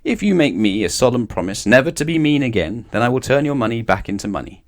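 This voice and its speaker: A man's voice: fairly low pitch, animated, moderate pace, natural voice. A man voicing a wordy, pompous old male wizard who rambles in a fussy, roundabout way.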